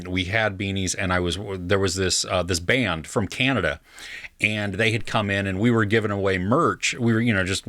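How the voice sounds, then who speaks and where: A man's voice: lowish voice, no echo, studio quality. A man co-hosting a casual podcast, telling anecdotes with acted-out voices. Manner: animated storyteller, acts out voices in anecdotes. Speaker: podcast co-host.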